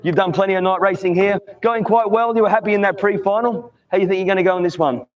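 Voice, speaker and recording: A man's voice: high voice, fairly even intonation, fast talker. A man interviewing young drivers on the grid at a night kart race, upbeat and chummy. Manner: upbeat, chummy, calls everyone mate. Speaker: grid announcer.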